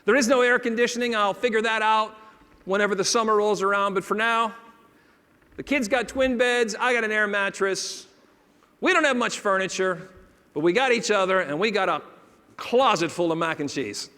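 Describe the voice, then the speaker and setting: A man's voice: high-pitched, moderate pace, sharp tone. A middle-aged man telling a personal story in a motivational speech, acting out the voices of the people in it. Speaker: motivational speaker. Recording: long hall reverb.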